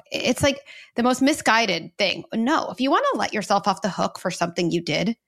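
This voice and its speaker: A woman's voice: mid-range voice, animated, a little fast. A woman guest in a podcast interview, explaining step by step and guiding listeners through a simple exercise. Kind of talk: conversational interview.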